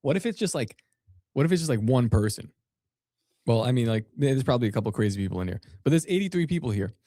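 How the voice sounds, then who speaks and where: A man's voice: medium pitch, animated, warm tone, no room sound. Joking podcast co-host man, dry. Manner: joking, speculative, quick to laugh. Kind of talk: casual chat.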